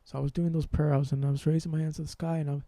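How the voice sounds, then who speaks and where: A young man hosting a rambling, animated spiritual monologue in a slangy, casual way. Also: a little high, rapid-fire, no echo. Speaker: host.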